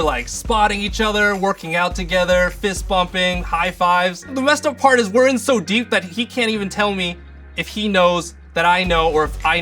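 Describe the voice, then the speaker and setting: A young man telling a comic story, animated and profane, acting out both sides of the conversations. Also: high-pitched. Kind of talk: storytelling comedy.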